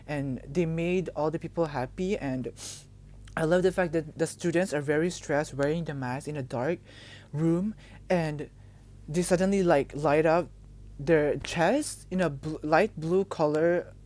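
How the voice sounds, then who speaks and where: A woman's voice: sits low, a little mellow. A young woman from the Philippines, gushing and emotional as she reacts to a music video, exclaiming often.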